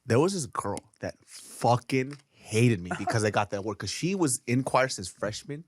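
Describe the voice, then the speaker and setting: A young man chatting casually, his pitch leaping around as he tells a story. He swears freely and laughs often. The sound is dry and close. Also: animated, moderate pace, no room sound. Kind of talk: casual chat.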